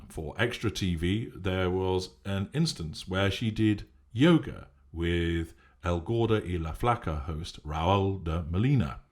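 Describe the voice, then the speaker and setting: A man giving a measured, emphatic, lecturing analytical monologue. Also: low voice, darkish tone. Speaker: commentator on narcissism.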